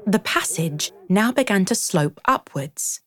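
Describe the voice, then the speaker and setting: A woman reading a classic storybook aloud with an expressive, dramatic manner. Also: medium pitch, a little slow. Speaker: narrator.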